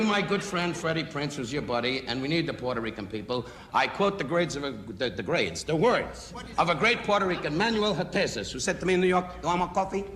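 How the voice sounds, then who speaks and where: A man doing insult roast stand-up on a banquet stage, firing brash rapid jabs at the audience. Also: fairly high pitch. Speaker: roast comedian. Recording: noisy old archive recording. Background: laughing audience.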